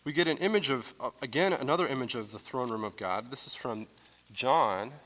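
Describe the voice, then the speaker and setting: A pastor teaching a conversational sermon in a church, explaining scripture with casual fillers. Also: male voice, mid-range voice, a little fast, fairly bright tone, big-room sound. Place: church sanctuary.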